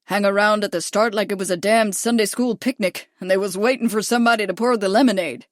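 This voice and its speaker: A woman's voice: mid-range voice, fairly even intonation, fast talker, no room sound, clean studio sound, close to an everyday voice. A woman voicing a drawling Midwestern jockey. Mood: boastful drawl. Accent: American Midwestern. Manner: drawling, belligerent. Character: brash young male American jockey, boastful.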